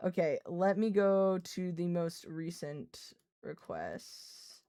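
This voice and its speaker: A woman's voice: fairly low pitch, animated, slow pace, few pauses, dark tone, clear, resonant tone, no echo. A young woman streaming live, chatting casually, laughing often, swearing freely and scolding her cat mid-sentence.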